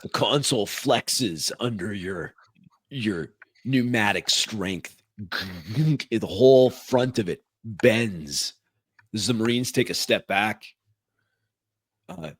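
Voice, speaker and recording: A man narrating as game master of a science fiction tabletop game, describing events in a measured way. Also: fairly low pitch, breathy edge, no echo.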